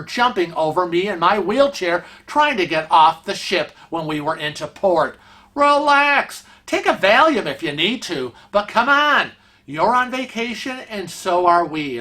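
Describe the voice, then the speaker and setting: A man's voice: sits high, sharp tone. A man hosting a vlog segment on cruise etiquette, calling out bad behavior in an indignant, emphatic way. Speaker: vlog host.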